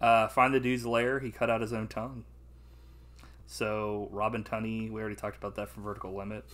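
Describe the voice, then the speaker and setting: A man's voice: lowish voice, flat delivery, brisk, fairly bright tone. A young man co-hosting a podcast, reviewing a movie in casual chat, rambling with lots of filler words and frequent laughs. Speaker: podcast co-host.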